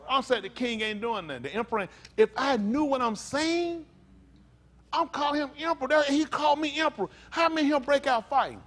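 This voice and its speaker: A man with a notably high voice preaches a teaching sermon. He is animated, throws in acted voices for the people he quotes, and stumbles when he reads aloud. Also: quick pace. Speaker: pastor.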